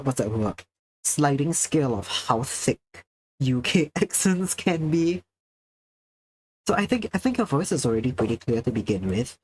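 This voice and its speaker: A man's voice: medium pitch, a little hiss or hum. A young man from Singapore with a Singaporean accent, chatting casually on a livestream with careful, precise enunciation and a projected presenter's delivery. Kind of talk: casual chat while drawing, answering chat.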